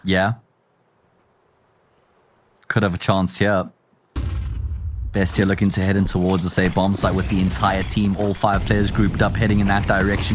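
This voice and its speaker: A man with a South African accent calls a match from the caster's desk, his voice sitting on the low side. He moves between quick play-by-play and easygoing banter with his co-caster. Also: little pitch movement, background noise. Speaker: esports caster. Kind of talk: play-by-play commentary.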